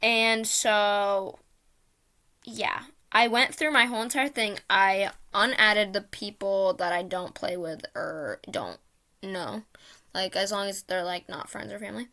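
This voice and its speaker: A woman's voice: medium pitch, unhurried, bright, forceful tone. A woman vlogger telling a casual, rambling story with lots of fillers, often mocking herself.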